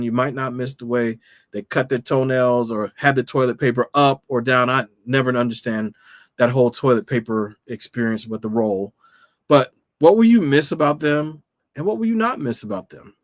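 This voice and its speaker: A man's voice: mid-range voice, no echo, clean studio sound. Man giving a conversational sermon. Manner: conversational, repeats questions for emphasis. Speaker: pastor. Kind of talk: sermon-style teaching to camera.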